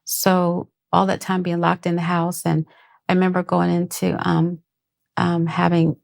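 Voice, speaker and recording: A middle-aged woman telling her own life story as a podcast guest. She speaks haltingly, restarting sentences and acting out the voices of the people she quotes. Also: on the low side, completely flat delivery, creaky. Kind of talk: personal testimony.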